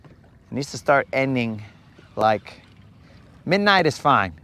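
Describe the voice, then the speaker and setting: Streaming live from a lake boat while fishing, a man talks casually and slangily, greeting viewers as they show up in chat. His medium-pitched voice is sharp in tone, slow, and full of big pitch swings.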